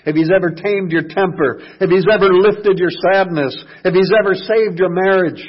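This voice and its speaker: A man preaching a sermon, dropping to hushed murmurs and rising to loud shouted passages. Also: sits high, normal speed, highs cut off.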